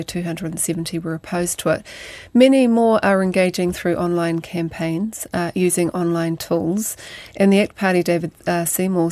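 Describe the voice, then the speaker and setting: A woman, interviewing a guest with measured, probing questions. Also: on the low side, darkish tone, no room sound. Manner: measured, probing, some hesitant restarts.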